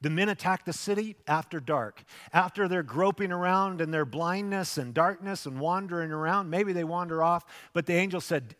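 A man's voice: high voice, normal speed, hardly any pauses, a bit bright. A man preaching a sermon as pastor, telling the story animatedly and acting out its voices. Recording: long hall reverb.

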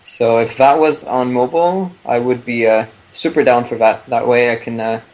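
A man's voice: medium pitch, fairly even intonation, moderate pace, a little mellow, poor audio. A man on a podcast panel, chatting about games in a laid-back way with lots of fillers. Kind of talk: casual gaming chat.

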